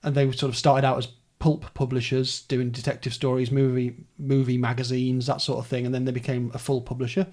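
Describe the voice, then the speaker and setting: A man's voice: medium pitch, level tone, a little fast, few pauses, darkish tone. A man hosting a casual podcast chat, rambling through details in a chatty way. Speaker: podcast host. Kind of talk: casual book-club chat.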